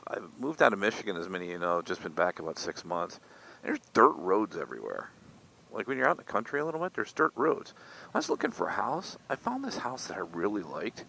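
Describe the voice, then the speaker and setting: A man's voice: fairly low pitch, gravelly, sharp tone, breathy edge, rough recording. A middle-aged man, chatting in a rambling, self-mocking way while riding a motorcycle through traffic. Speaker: motorcycle vlogger. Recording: faint road and traffic noise.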